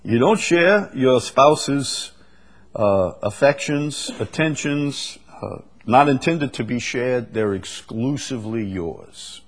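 Male preacher, husky, unhurried sermon delivery, leans hard on key words. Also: medium pitch, expressive. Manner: slow, drawn-out delivery with bursts of emphasis. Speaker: pastor.

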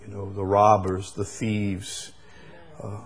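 A male preacher, somewhat monotone, delivers his sermon slowly and emphatically. Still, he breaks into sudden loud, high bursts and falls back to soft passages.

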